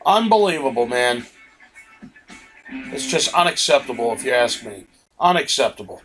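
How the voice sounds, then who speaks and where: A man's voice: mid-range voice, very animated, normal speed, fairly bright tone, faint music behind, rough recording. A frustrated man swearing at a game. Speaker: gamer playing and commenting. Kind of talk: casual gaming commentary.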